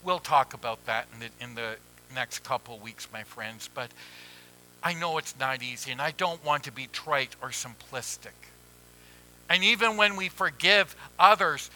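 A man preaching a sermon as pastor, who drops to hushed near-whispers and rises to loud pleading. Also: on the high side, low-quality recording.

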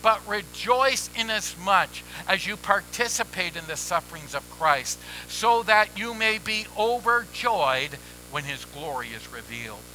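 A man preaching a sermon as pastor, measured and emphatic with deliberate pauses. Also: high-pitched, expressive, sharp tone, faint music behind, low-quality recording.

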